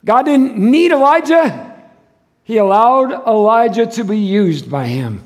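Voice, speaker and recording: A male pastor preaching a sermon to his church, animated and moving between loud, emphatic stretches and hushed, quiet ones. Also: high-pitched, a little slow. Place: church service.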